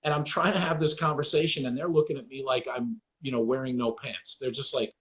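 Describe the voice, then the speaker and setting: An American man hosts a relaxed interview. He tells anecdotes with lots of energy, jumps up in pitch to act out other people's shouts, and swears casually. His voice sits at a mid pitch. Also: fairly quick, hardly any pauses. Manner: animated storyteller, acts out quotes, swears. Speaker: podcast host.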